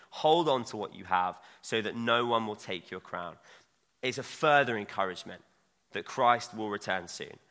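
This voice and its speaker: A man's voice: lowish voice, bright, forceful tone. Young guy preaching, casual jokey asides, long church echo. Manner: conversational, self-mocking asides. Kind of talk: sermon. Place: church hall. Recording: long hall reverb.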